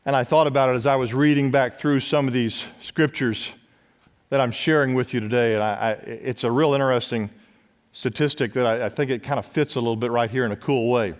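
A man preaching a sermon as pastor, urging his congregation to respond and dropping at times to a hush. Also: medium pitch, steady tone, brisk. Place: church sanctuary. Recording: long church hall reverb.

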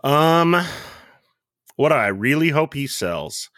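A man's voice: mid-range voice, big pitch swings, slow, a bit bright, no echo, studio quality. A man co-hosting a casual podcast, telling rambling stories with lots of fillers and restarts. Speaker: podcast co-host.

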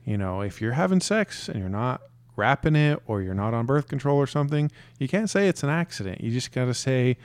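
A young man co-hosting a podcast with his wife, joking and sharing his opinions in a relaxed, drawn-out way. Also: medium pitch, no echo. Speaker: podcast co-host. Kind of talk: casual chat.

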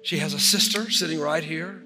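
A man preaching a sermon to a congregation, telling a story with animated delivery and then leading a prayer. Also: a little high, moderate pace. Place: church sanctuary. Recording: large hall reverb with faint music.

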